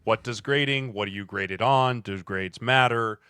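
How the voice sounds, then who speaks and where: A man's voice: medium pitch, moderate pace, sharp tone, smooth, dry recording. A man co-hosting a football podcast, reading viewer questions and plugging the channel in easygoing casual chat.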